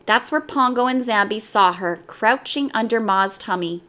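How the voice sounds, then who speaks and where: A woman reading a children's storybook aloud in an expressive, lively way. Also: a little high, moderate pace.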